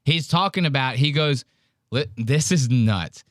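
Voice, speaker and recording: A man's voice: mid-range voice, lively intonation, a little slow, dry recording, studio quality. A man giving crude, mocking commentary while reacting to clips on a live stream. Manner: crude, mocking, loose and rambling.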